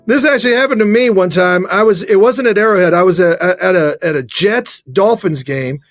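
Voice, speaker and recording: A man telling stories in casual chat, acting out shouted heckles. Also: high-pitched, a little fast, no room sound, studio quality. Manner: storytelling with acted-out shouts. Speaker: podcast guest.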